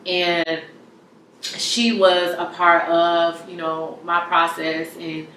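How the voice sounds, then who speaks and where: A woman giving an emotional personal testimony in an interview, halting and tearful, her voice dropping very soft at times. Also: fairly low pitch, flat delivery. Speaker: interview guest. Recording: roomy echo from far off, faint hum.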